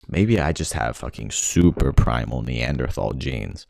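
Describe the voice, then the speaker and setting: Young man, very low gravelly voice, frustrated profane rant, dry close sound. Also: lively intonation, normal speed, darkish tone, dry recording. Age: young adult. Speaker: vlogger. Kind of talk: ranting monologue.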